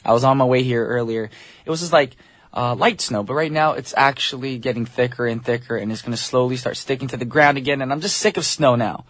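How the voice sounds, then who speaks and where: Bright and mid-range, this man's voice carries no echo as he hosts a morning radio program from the studio. The DJ is upbeat and chatty on his studio mic, trading casual talk and quick asides with listeners.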